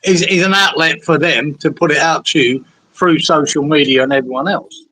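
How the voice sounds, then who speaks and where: A man's voice: a little high, fairly even intonation, moderate pace, sharp tone, poor audio. A man hosting a fan talk show, chatty and sweary, laughing along with his co-hosts. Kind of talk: casual chat.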